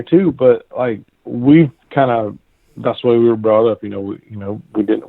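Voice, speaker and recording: A man from the American South tells hunting stories in an easygoing way, backtracking and restarting as he goes. His voice has a gravelly edge. It comes through a tinny phone line that sounds dry and close. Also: medium pitch, no room sound. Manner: drawling, easygoing storyteller with many restarts. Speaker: guest hunter. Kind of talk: casual live-stream conversation.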